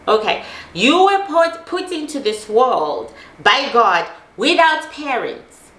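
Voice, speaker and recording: A woman's voice: high voice, sing-song, takes it slowly, a bit bright, reverberant. A middle-aged woman giving an intense personal monologue, emphatic and repeating lines for force, swearing as she talks. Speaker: host.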